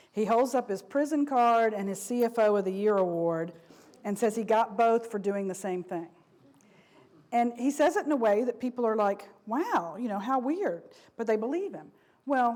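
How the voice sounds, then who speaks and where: A woman's voice: mid-range voice, a little mellow. A middle-aged woman giving a lecture to an audience, speaking frankly and conversationally, with frequent asides and restarts. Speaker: speaker, former company vice president.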